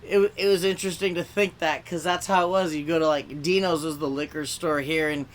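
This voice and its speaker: A man's voice: on the high side, steady tone, brisk, a little hiss or hum. Rambling young man on a video call. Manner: rambling, self-interrupting, lots of "like"; acts out quoted voices, shouting and whispering. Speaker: stand-up comedian. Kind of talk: stand-up set at an online open mic.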